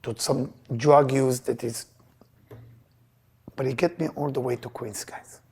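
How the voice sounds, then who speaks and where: A man teaching Kabbalah to a live audience, telling personal stories in an emphatic, animated way with loose grammar. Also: medium pitch, measured pace, vocal fry, husky. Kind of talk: lesson with personal storytelling.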